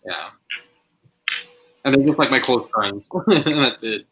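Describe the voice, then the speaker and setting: A young man hosting a live stream, chatting in a relaxed, easygoing way with a few hesitations. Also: medium pitch, slow pace, noisy background. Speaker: channel host. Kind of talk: casual chat.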